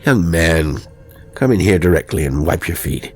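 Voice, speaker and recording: A man's voice: low-pitched, animated, moderate pace, a little mellow, faint music behind. Man as a stern country doctor father. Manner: firm, scolding, teasing.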